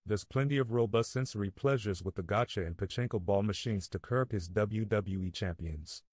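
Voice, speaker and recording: Low-voiced man reading donations. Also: moderate pace, a little mellow, husky, dry recording, clean studio sound. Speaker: reads donation messages.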